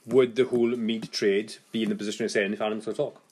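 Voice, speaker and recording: A man's voice: fairly low pitch, little pitch movement, fast, a little mellow, husky. A man co-hosting a podcast, blunt in casual banter.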